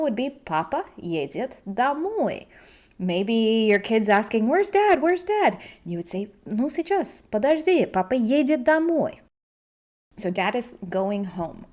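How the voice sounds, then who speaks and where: A woman's voice: medium pitch, darkish tone. A woman teaching language grammar to camera in a playful, jokey way.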